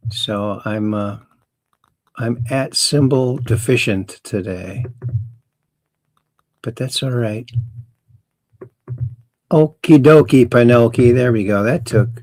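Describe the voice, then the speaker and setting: A man's voice: mid-range voice, takes it slowly, pauses often, darkish tone, dry recording, studio quality. A man hosting a casual call-in livestream, chatty and rambling as he reads viewer messages aloud. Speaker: host.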